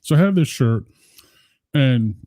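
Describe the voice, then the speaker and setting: A man's voice: medium pitch, animated, a little slow, mellow, dry recording. A middle-aged man co-hosting a podcast, rambling through stories with plenty of swearing. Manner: rambling, profane storytelling. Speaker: podcast co-host. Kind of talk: casual chat.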